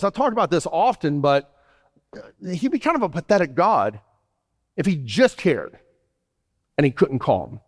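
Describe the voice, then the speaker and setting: A man preaching an emphatic sermon as pastor, his pace often shifting. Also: a little high. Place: church sanctuary. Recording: church hall reverb.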